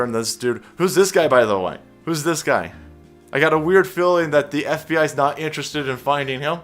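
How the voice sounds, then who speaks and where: A man's voice: medium pitch, a bit bright. Profane, heated male commentator. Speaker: online commentator. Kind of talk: political commentary rant.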